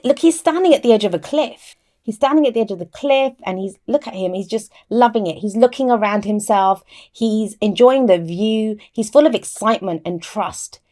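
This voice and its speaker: This tarot reader, a woman with a slightly high, dark-toned voice, gives a casual, chatty reading to camera. She explains every card, keeps restarting sentences, says "I always say" often, and has a mic within arm's reach.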